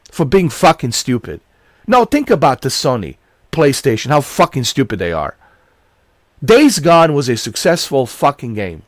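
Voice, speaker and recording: Angry gaming-channel ranter, male, wildly swinging pitch, dry close sound, profane outbursts. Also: no echo. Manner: profane, shouting in bursts. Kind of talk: angry rant commentary.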